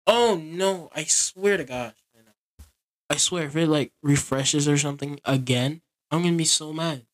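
A man's voice: fairly high pitch, unhurried. A man giving casual gaming commentary, grumbling and complaining in an exasperated way. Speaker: gaming video creator.

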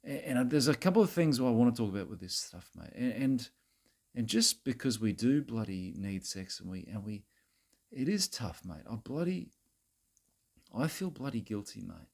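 A man doing a gravelly Australian bloke. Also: medium pitch, very animated, normal speed, a little mellow, exaggerated voice. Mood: preachy rant. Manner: rambling, repetitive, peppers every phrase with mate and bloody. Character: crude self-righteous Australian bloke lecturing women. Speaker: comedy character monologue. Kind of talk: satirical rant to camera.

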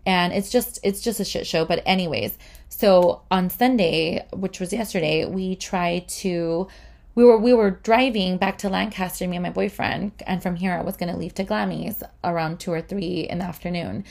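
A woman's voice: on the low side, normal speed, creaky, darkish tone. A young woman in casual storytime talk, chatty and full of swearing and "like". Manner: chatty, swears a lot, uses "like" often. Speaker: vlogger.

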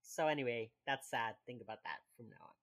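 Young woman podcast co-host, very deep voice, casual chatty recap delivery, laughs a lot. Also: expressive, a little fast, fairly bright tone. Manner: chatty, laughs often, acts out quoted lines. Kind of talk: casual chat.

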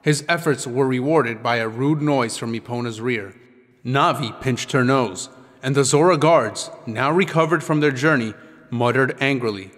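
A man reading an audiobook in a measured, descriptive storytelling manner. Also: mid-range voice, a bit bright. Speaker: audiobook narrator. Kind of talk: scripted audiobook narration. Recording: long reverb with background music.

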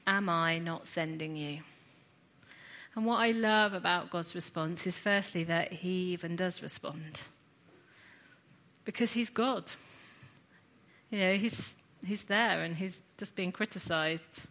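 A woman teaching a sermon series, retelling a scripture story in an earnest, reflective way with lively asides. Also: lowish voice, a little slow. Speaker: Bible teacher.

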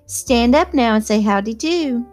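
A woman reading aloud and voicing a doting young society wife in a crooning, drawn-out way. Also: on the high side, animated, soft background music, pitched above the performer's own voice. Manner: crooning, breathy-sweet, drawn-out.

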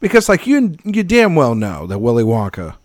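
A man co-hosting a casual film podcast, talking in animated, rambling tangents and swearing freely. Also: medium pitch, moderate pace, dry recording, clean studio sound. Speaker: podcast co-host. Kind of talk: casual film-discussion chat.

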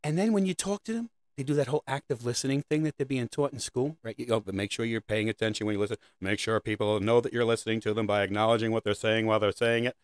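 A man's voice: mid-range voice, quick pace, hardly any pauses. A middle-aged man delivering a rambling, sarcastic comedic monologue about parenting. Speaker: comedic host.

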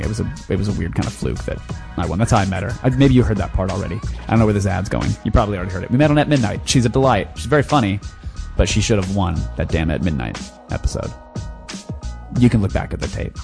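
A man's voice: fairly low pitch, creaky, darkish tone. Casual swearing male podcast host. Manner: loose, joking, swears freely. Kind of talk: casual chat and ad read.

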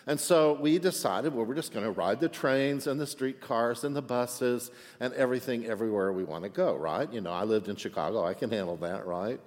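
Guy preaching, chatty story sermon, keeps asking amen right, middle pitch, big hall reverb. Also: fairly quick, few pauses. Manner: chatty, asks for amens and "right?". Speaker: pastor.

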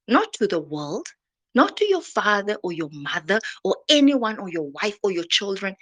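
Woman, slow unhurried delivery, dramatic faith sermon with hushed whispers. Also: medium pitch. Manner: dramatic, drops into soft whispers. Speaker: motivational speaker. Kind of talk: inspirational sermon.

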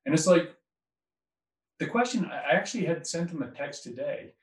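A man's voice: fairly high pitch, lively intonation, moderate pace, recorded from a distance. A man, a doctor, talking politics in a rambling way with many restarts. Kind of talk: casual political conversation. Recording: echoey, off-mic.

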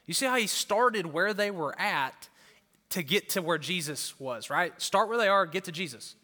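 A man's voice: high voice, lively intonation, normal speed, pushed and bright. A male pastor preaching a fired-up sermon to a crowd in a church auditorium, often repeating words for emphasis. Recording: long hall reverb.

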